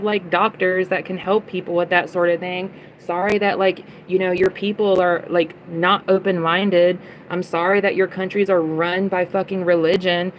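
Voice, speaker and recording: A woman's voice: fairly low pitch, little pitch movement, moderate pace, few pauses, a little hiss or hum, poor audio. A young woman livestreaming, ranting at chat comments in a heated, profane way and repeating lines for emphasis. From United States.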